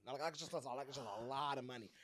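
A man's voice: mid-range voice, fairly quick, a bit bright. A man hosting a podcast, teasing his guest playfully in casual chat. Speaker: podcast host.

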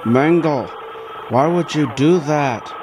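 A man's voice: on the high side, takes it slowly, background noise. A man voicing a bossy, overprotective plush fox in a homemade toy skit, sighing and stammering as he gives orders. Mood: flustered. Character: fussy plush male fox Foxy, overprotective.

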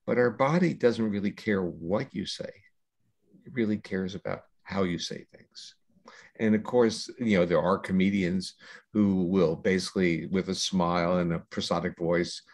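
An older man, a scientist guest on an interview podcast, explaining ideas in a measured, lecturing way with long explanations. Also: low voice.

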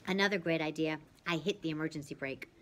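A woman reading a novel aloud as a reader for her channel, narrating lively and dramatically, dropping at times to a soft hush. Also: sits low, fast.

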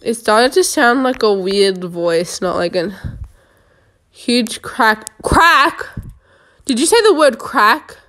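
A woman narrating her gameplay in a relaxed, unhurried way, full of sarcastic jokes and muttered asides. Her voice sits on the higher side, and she drawls through her remarks at a leisurely pace. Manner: sarcastic, joking, talks to herself. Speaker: gamer playing a police game. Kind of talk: casual gameplay commentary.

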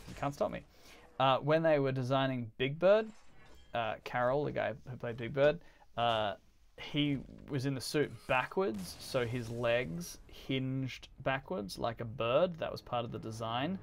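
Gravelly-voiced man streaming games. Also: medium pitch, measured pace. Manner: rambling, chatty, laughs often. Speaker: game streamer. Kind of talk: casual chat while gaming.

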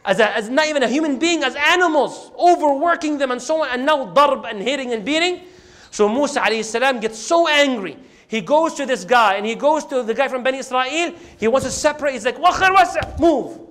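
A man giving a religious lecture as a story, animated, acting out quoted speech and putting questions to his audience. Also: extremely high pitch, fairly quick. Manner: animated, acts out quoted speech, recites scripture passages; asks the audience questions and answers them.

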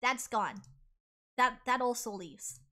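A woman streamer narrating casually as she plays, animated and rambling, with plenty of swearing. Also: on the high side, slow.

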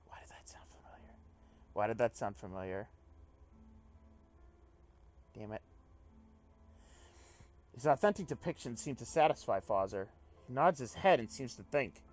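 Let's play host: a man narrating a visual novel, animated, quick to swear and react. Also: medium pitch. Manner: excitable, swears, jumps between reading and reacting. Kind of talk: reading a visual novel aloud with commentary.

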